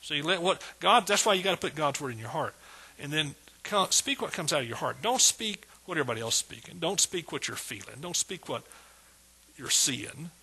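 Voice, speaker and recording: Man, middle-aged, pastor, sermon, exuberant, repetitive, forceful, husky. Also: on the high side, animated, fairly quick. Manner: exuberant preaching, repeats phrases, shouts of praise.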